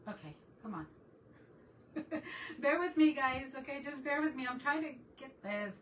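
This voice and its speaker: A bright, sharp-toned woman chats excitedly through a home crafting livestream, mixing English and Spanish as she greets viewers. Her voice sits a little high and comes from a bit away from the mic, with faint noise in the room behind her. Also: normal speed, distant mic, low-quality recording. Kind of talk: casual livestream chat.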